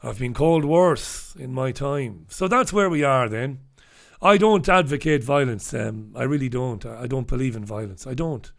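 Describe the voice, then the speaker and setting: Here the UK host, a middle-aged man, reads the papers on a relaxed livestream and greets his audience irreverently, swearing as he goes. He has a mid-range, creaky voice that is expressive, delivered at a moderate pace.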